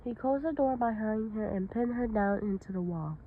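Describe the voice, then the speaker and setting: A woman's voice: mid-range voice, normal speed, a little hiss or hum. A woman telling a made-up story in one long rambling stream, linking events with "and then". Her voice sits in a middle range. The recording is a bit muffled and lo-fi. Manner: rambling, run-on narration with restarts. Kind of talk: casual improvised storytelling.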